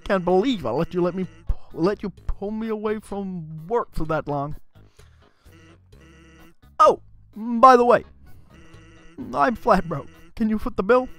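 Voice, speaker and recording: A man's voice: sits high, a little slow, pauses often, sharp tone, soft background music. A man reading a lazy, joking male skeleton's game dialogue aloud in his own plain voice. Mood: teasing. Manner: reads game lines aloud in a plain, slightly amused voice.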